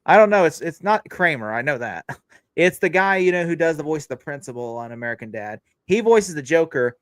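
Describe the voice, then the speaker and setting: A young man hosts a loose casual chat, talking in a fast, rambling stream and cursing freely. His voice sits a little high, and it is recorded close and dry with no room sound. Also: very animated, a bit bright, no echo. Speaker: podcast host.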